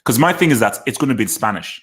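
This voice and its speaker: A man's voice: mid-range voice, animated, racing. A man hosting a football channel, giving live reaction commentary in a casual way, repeating short phrases and restarting his sentences. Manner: thinks aloud and restarts sentences.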